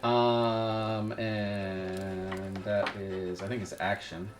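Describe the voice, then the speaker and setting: A man's voice: on the low side, flat delivery, drawn-out words, faint music behind. A man playing a tabletop game, talking casually and hesitantly with plenty of ums and uhs. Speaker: player.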